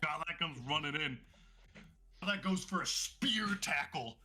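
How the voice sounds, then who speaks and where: A man narrating a tabletop game as game master, excitable and vivid, like play-by-play. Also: a little high, measured pace.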